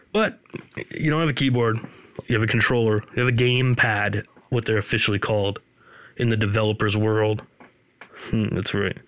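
Rambling podcast host, smooth voice. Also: male voice, lowish voice, a little fast, no room sound. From Canada. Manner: rambling, deadpan, self-deprecating. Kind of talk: casual solo podcast monologue.

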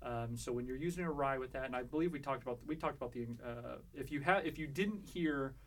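A man's voice: medium pitch, fast talker. A man co-hosting a casual podcast, explaining cocktail recipes step by step with lots of fillers and restarts. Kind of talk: casual chat.

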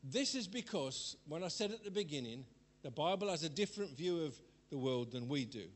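A man's voice: on the high side, expressive, brisk. An older man preaching a sermon in a chatty, rambling way, laughing at himself as he tells personal stories.

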